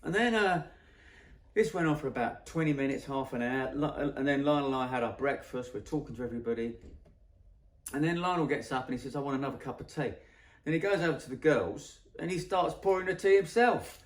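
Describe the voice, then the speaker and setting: A man's voice: fairly high pitch, lively intonation, fairly quick. A man, a photographer, telling a rambling anecdote and correcting himself as he goes. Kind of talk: storytelling anecdote. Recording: roomy echo.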